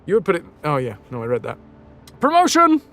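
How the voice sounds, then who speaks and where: On a live gaming stream, a man rattles off rapid-fire, playful chatter in a mid-range voice with lively intonation, rambling and responding to his chat while he plays. Game music runs in the background.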